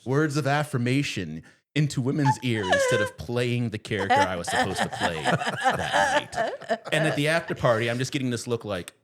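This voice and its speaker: A man guest on a podcast, telling a story in a casual, animated way and laughing as he goes. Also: fairly high pitch, normal speed, creaky, a little hiss or hum.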